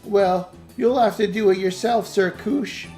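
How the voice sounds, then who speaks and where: A man's voice: sits high, unhurried, mellow, soft background music, pitched above the performer's own voice. A man voicing a pompous, bossy male knight in a game playthrough, blustering and overly formal.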